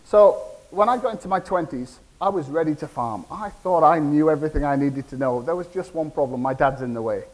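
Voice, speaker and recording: Man, 40s, Cumbrian English, keynote speaker; conversational, fairly high voice, quizzes the audience. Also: a little fast, hardly any pauses, low-quality recording. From England. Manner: conversational, asks the audience questions. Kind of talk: conference keynote speech. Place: conference hall.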